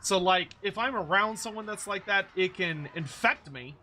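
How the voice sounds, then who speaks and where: A man from Texas with a plain General American accent, chatting casually with his live-stream viewers. His voice sits high and sounds very bright and sharp. He rambles, restarts his sentences and laughs often. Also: normal speed, slight background noise. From Texas, United States. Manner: laughs easily. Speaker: livestream host.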